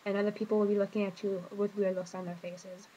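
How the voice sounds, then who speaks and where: A woman talks into her webcam at home in a confessional vlog, her voice flat and even in pitch. She is hesitant and emotional, with many pauses and fillers, and there is faint noise under her. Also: muffled recording. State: emotional, hurting. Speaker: vlogger.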